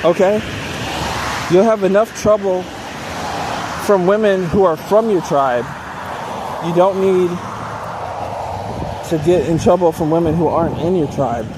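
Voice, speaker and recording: A man delivering a preachy advice monologue to his viewers, often pausing to ask "okay?". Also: high voice, background noise. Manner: preachy, repeats "okay?" to check in. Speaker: dating advice channel host.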